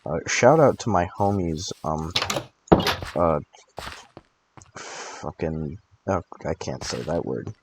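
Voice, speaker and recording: A man's voice: a bass voice, animated, slow pace, pauses often. An eighteen-year-old man rambling through late-night gameplay commentary, tired and groggy from allergy pills, with drowsy joking asides. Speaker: gaming channel host. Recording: clicking noise over the voice.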